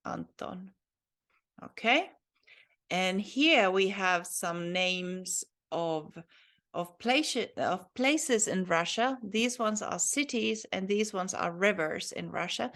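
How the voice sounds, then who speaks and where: A woman with a low, gravelly voice teaches a recorded lesson at a very unhurried pace. She works through each word carefully and often hedges about whether she has it right. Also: a bit bright. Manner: slow, careful, spells out letters and often admits she is unsure. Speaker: language teacher.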